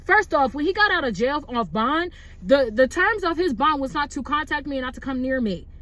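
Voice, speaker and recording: A young woman with a high voice talks through a personal story on her vlog. She rambles, restarts her sentences and fills them with "like" and "bro". The telling is casual and unscripted. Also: fairly quick, no room sound. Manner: rambling, animated, lots of "like" and "bro". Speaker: vlogger.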